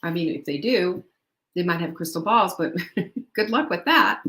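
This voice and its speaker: A woman's voice: lowish voice, animated, normal speed, pushed and bright, roomy sound. A middle-aged woman hosting a motivational podcast, upbeat and chatty, full of rhetorical questions. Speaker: podcast host. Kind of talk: motivational talk.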